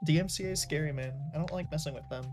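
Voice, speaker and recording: A woman's voice: sits low, very fast, a little mellow, soft background music. A woman chatting casually on a game stream, swearing freely and riffing with friends. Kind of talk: casual chat while playing a game.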